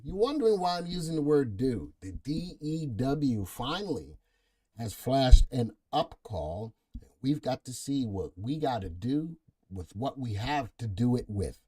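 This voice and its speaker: A man's voice: medium pitch, animated, a little slow, warm tone. A middle-aged man hosting a live stock market show, joking with puns and reading viewer comments aloud. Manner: playful, punning, reads viewer comments aloud.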